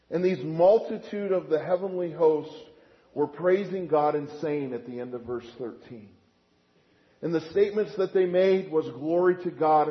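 A man preaching a sermon as pastor, asking rhetorical questions and swinging between quiet and loud. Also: on the high side, lo-fi sound. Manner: lively, rhetorical questions, animated swings in volume.

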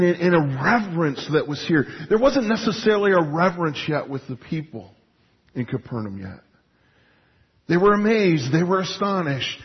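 A pastor preaching a sermon in an animated, emphatic, conversational way with frequent restarts. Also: male voice, fairly high pitch, husky. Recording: dull lo-fi recording.

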